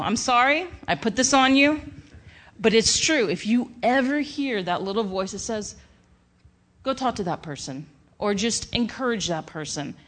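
A woman preaching in a lively, conversational way. She tells a personal story and voices her own back-and-forth thoughts. She addresses a live gathering directly. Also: medium pitch. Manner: animated and conversational, acts out inner dialogue. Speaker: speaker at a church gathering.

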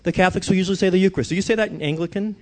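A man's voice: high-pitched, rapid-fire. A middle-aged man preaching a sermon to his congregation, conversational at times and rising to emphatic declarations at others. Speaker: pastor.

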